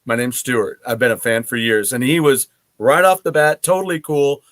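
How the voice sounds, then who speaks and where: A man hosting a casual chat, relaxed, giving short replies and telling his own anecdote. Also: mid-range voice, moderate pace, no room sound. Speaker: podcast host.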